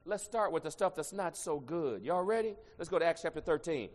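High-voiced preacher in a reverberant church. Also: male voice, expressive, brisk. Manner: swings from soft asides to loud shouted preaching. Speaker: pastor. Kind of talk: sermon. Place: church sanctuary.

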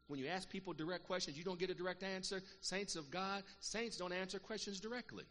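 A middle-aged man preaching a sermon, calling out to the congregation and swinging between loud exhortation and quiet, earnest asides. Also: sits high, fairly quick, few pauses. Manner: call-and-response preaching, calls out "Amen" and "saints". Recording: long reverb of a large hall, faint room noise.

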